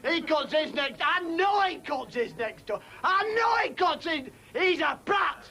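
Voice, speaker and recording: Before a live audience in a television studio, a male comedian delivers an exasperated stand-up rant, shouting in bursts of outrage with a high, strained voice. He's very animated, ranting slowly and emphatically, with slight background noise.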